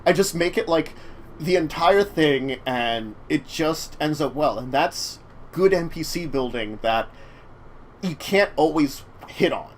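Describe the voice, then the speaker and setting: A man's voice: a little high, animated, measured pace, slight background noise. A man hosting a casual chat show about tabletop games, talking in a rambling way. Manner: rambling, many fillers and restarts. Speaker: talk show host.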